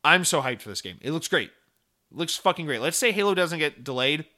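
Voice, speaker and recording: Young male gaming commentator, casual profane rant, bright edgy tone. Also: a little high, a little fast. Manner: animated, profane, rambling with fillers.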